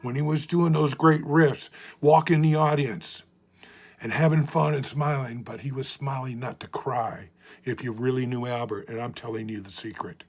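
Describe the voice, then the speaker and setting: Older male blues guitar teacher; earnest, heartfelt storyteller who drops soft at phrase ends. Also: medium pitch, steady tone, normal speed. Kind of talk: talking guitar lesson to camera.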